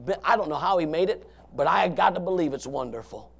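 A man preaching a fiery sermon, swinging from low murmurs to shouted passages in a folksy, emphatic way. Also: lively intonation, fairly quick, gravelly. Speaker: pastor.

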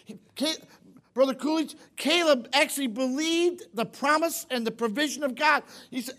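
Brief: male pastor with a high, sharp voice, preaching with emphatic repetition. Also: normal speed. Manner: emphatic, repetitive, asks the congregation questions. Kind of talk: sermon. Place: church.

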